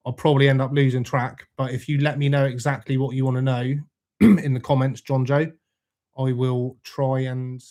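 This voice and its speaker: A young man with a mid-pitched voice hosts a casual live chat. He is laid-back and swears freely, and he greets viewers one by one as their comments come in. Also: darkish tone. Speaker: livestream host reading chat.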